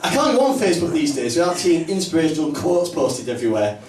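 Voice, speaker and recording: A man with a Northern English accent doing a stand-up comedy set in a small pub club, with punchy, deadpan delivery. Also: a little high, fast talker, crowd noise. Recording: roomy, distant live mic, faint ambience.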